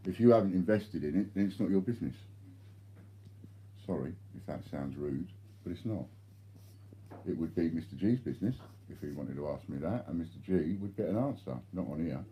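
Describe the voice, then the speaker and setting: A man's voice: low voice, lively intonation, fairly quick, mellow. A man replying bluntly to viewer chat during a live stream, swearing freely.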